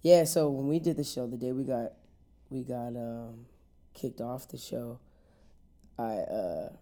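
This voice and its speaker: Gravelly, dark-voiced male podcast host. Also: mid-range voice. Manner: laid-back, joking, drawn-out storytelling. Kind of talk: casual interview chat.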